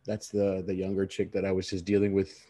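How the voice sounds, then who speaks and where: Animated man telling a story. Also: low-pitched, brisk, no room sound. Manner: animated storyteller, acts out friends' voices and laughs a lot. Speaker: podcast co-host. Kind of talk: casual storytelling chat.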